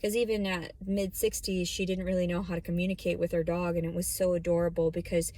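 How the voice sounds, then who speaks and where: A woman's voice: on the low side, level tone, fast talker, mellow. A woman vlogging from her parked car, talking bluntly and rambling, with plenty of swearing. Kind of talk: casual vlog monologue. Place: parked car in a store lot.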